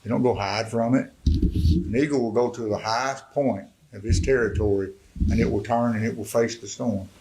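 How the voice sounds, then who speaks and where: A man's voice: lowish voice, normal speed, darkish tone, rough recording. A middle-aged man, from Arkansas, telling his life story as a guest speaker in a church service. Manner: folksy storytelling, swelling to impassioned preaching. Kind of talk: testimony sermon.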